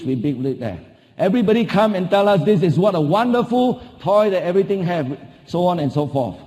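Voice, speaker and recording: Man, Singaporean English accent, motivational keynote, high voice, long hall reverb, emphatic, rhetorical questions. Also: mellow. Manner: emphatic, repeats key phrases, asks the audience rhetorical questions. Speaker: motivational speaker. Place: large conference hall.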